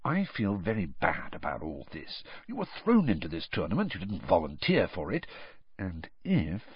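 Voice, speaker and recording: A bluff, jovial middle-aged wizard official voiced by a man, hearty but jittery, with a confiding hush to his manner. His pitch swings freely and his tone stays a little husky. The recording sounds dull and lo-fi. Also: sing-song, normal speed, no echo.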